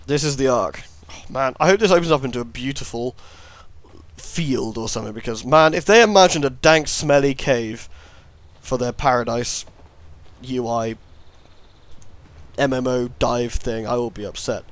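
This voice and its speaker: A man's voice: mid-range voice, moderate pace, no room sound. Sarcastic man doing game commentary. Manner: sarcastic, rambling. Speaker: let's play host. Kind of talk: gameplay commentary.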